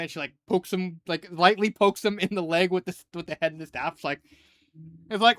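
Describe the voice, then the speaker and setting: A man giving a casual spoken review, rambling with lots of "like" and getting animated as he retells scenes. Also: high voice, fairly quick, no room sound. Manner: rambling, heavy use of "like". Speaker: fanfiction reviewer.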